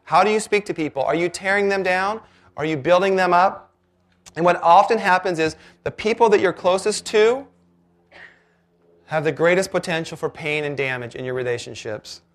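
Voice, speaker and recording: A man preaching a sermon, earnest and emphatic, slowing down to read scripture. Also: sits high, a bit bright. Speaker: pastor.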